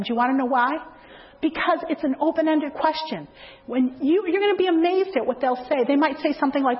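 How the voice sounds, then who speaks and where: A woman giving a church talk on greeting visitors, telling a story with lively acted-out quotes. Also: high voice, quick pace, highs cut off. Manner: animated storytelling, acts out quoted voices. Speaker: church speaker training greeters. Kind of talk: sermon-style church talk.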